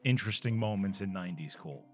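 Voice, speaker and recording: A man's voice: sits low, expressive, quick pace, soft background music. A man co-hosting a retro video game playthrough, chatting casually with crude jokes and frequent laughter. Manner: joking, crude, laughs often. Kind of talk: casual gaming chat.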